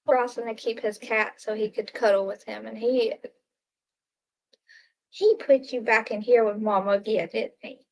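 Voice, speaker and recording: Woman, fairly high voice, chatty, giggly, casual livestream host at home. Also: steady tone, normal speed. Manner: chatty and giggly, talking to her pet and her chat. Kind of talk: casual live chat with viewers. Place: at home at night.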